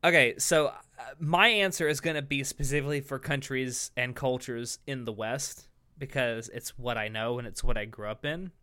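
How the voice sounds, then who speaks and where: A man's voice: mid-range voice, moderate pace, few pauses, sharp tone, clean tone. A young man co-hosting a podcast, earnest and hedging, often restarting to rephrase his point. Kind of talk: casual debate chat.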